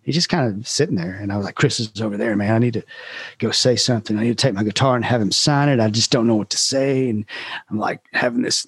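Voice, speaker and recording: Man, relaxed storyteller, dry close-miked sound, casual and rambling. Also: mid-range voice, fast, breathy edge, no echo. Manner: laid-back, rambling with restarts and laughs. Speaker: musician guest.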